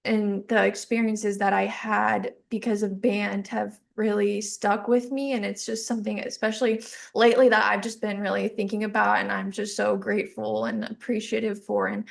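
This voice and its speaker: A young woman hosting a podcast, soft-spoken and hesitant, talking in an emotional, heartfelt way. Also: medium pitch, level tone, normal speed, creaky, few pauses. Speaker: podcast host. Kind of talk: heartfelt interview talk.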